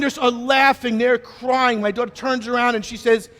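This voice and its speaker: A middle-aged man giving a keynote speech on stage, telling a story in a playful, animated way. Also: very high voice, moderate pace, hardly any pauses. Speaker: keynote speaker. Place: conference stage in a large hall. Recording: long reverb of a large hall.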